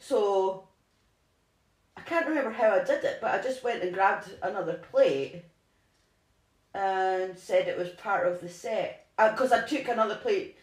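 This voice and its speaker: A woman's voice: mid-range voice, a little slow. A woman co-hosting a podcast in casual chat, rambling and laughing at herself. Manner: giggly, rambling, self-mocking. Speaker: podcast co-host. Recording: echoey room.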